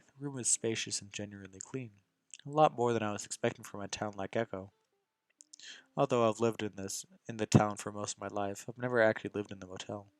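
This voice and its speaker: Low-voiced young man reading a story. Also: no room sound. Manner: casual, stumbling reading with restarts. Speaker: narrator. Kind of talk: amateur visual novel reading.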